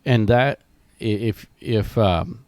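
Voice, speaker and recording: A man co-hosting a ministry podcast in casual chat, talking in loose, restarting sentences while his voice is rough from being sick. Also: fairly low pitch, takes it slowly, a little mellow, no echo. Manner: rambling, many restarts and fillers. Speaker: podcast co-host.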